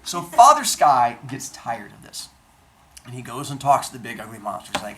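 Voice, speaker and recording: Low-pitched woman teacher telling myths, super animated and jokey, faint noise behind. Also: moderate pace, roomy sound, low-quality recording. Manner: animated, jokey, chatty asides. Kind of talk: comic storytelling of myths to a class.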